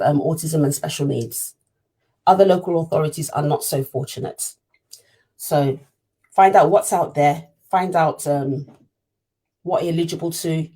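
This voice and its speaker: Woman, parent telling her story; husky, earnest, repeats herself for emphasis. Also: fairly low pitch, warm tone. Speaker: parent sharing her experience. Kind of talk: personal storytelling talk.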